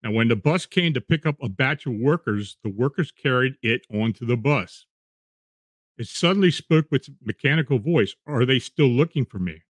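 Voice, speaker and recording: Man calmly reading eerie accounts. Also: mid-range voice, no room sound. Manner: steady, measured reading with occasional restarts. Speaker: narrator reading paranormal accounts. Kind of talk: read-aloud storytelling.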